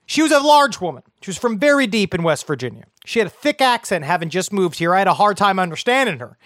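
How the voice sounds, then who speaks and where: High-voiced man reading emails aloud. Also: fast talker, dry recording, clean studio sound. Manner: animated storytelling, reads emails aloud, swears. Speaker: podcast co-host reading listener emails. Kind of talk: casual comedic chat.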